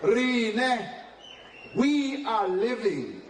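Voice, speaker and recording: Man, South African accent, high voice, defiant speech, distant echoey mic, noisy background. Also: very animated, drawn-out words. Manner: defiant, emphatic, repetitive. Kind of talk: public speech.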